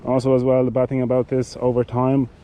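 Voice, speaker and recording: Very dark-voiced man reviewing bike gear. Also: medium pitch, monotone, low-quality recording. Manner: halting, with many fillers and restarts. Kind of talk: casual product demonstration.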